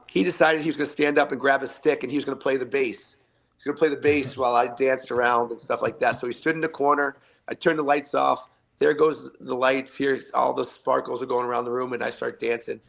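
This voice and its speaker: A man in his fifties, a retired hockey player, telling animated locker-room stories as a podcast guest and acting out the quotes. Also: medium pitch, a little fast, vocal fry. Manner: animated anecdotes with acted-out quotes. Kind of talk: storytelling interview.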